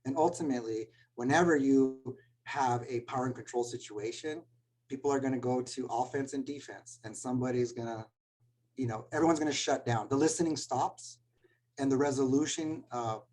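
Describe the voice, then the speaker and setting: A man's voice: mid-range voice, moderate pace, darkish tone, low-quality recording. A man, a school administrator, speaking earnestly in a webinar talk and telling stories about students. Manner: earnest storytelling, gets choked up.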